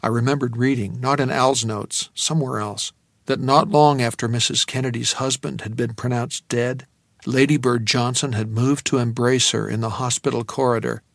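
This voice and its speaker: Gravelly male audiobook narrator. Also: medium pitch, no room sound. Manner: measured, tense storytelling. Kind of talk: first-person audiobook narration. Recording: dry close studio sound.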